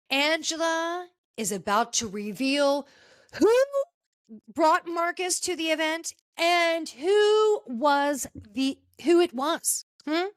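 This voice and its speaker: A woman hosting a casual podcast, recapping a reality show finale in a gossipy, animated way and acting out the cast's lines. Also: high voice, no room sound, clean studio sound. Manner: animated, gossipy, acts out quotes. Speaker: podcast host. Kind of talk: casual pop-culture recap.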